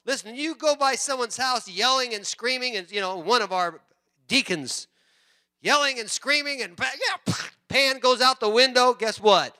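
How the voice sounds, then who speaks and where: A man pastor preaching a sermon in church, animated and joking with the congregation. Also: extremely high pitch, normal speed. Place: church sanctuary.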